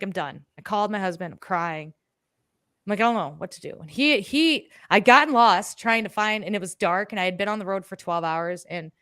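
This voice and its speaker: A woman co-hosting a podcast, telling a story in a casual, animated way, swearing freely and acting out her own words. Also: mid-range voice, no echo, clean studio sound. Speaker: podcast co-host.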